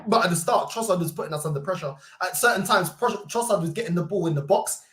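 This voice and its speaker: A young man, hosting a football fan livestream with loud, mocking banter and rapid-fire rhetorical questions. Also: high voice. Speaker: host. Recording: roomy echo.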